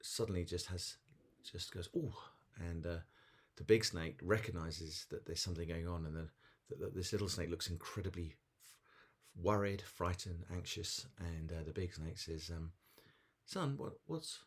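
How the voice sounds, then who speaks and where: A man's voice: low voice, fairly even intonation, moderate pace, slightly rough. A man giving a daily devotional talk as a pastor, earnest and storytelling with small chuckles.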